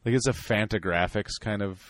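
A man co-hosting a podcast in casual chat, talking hesitantly with lots of restarts and often trailing off quietly. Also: on the low side, brisk, no echo, studio quality. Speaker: podcast co-host.

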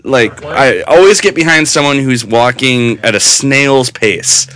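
A man's voice: medium pitch, unhurried, fairly bright tone. A man co-hosting a casual podcast, trading crude wisecracks. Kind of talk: casual chat.

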